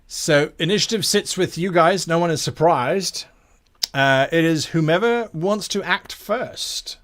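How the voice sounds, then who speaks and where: A man's voice: fairly high pitch, a little slow, fairly bright tone. Man narrating as game master.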